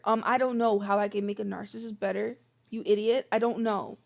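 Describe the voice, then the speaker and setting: A woman's voice: mid-range voice, fairly even intonation, fast, gravelly. A young woman telling a personal story in a vlog, venting her frustration and filling her talk with "like". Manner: frustrated, venting, heavy use of "like". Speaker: vlogger.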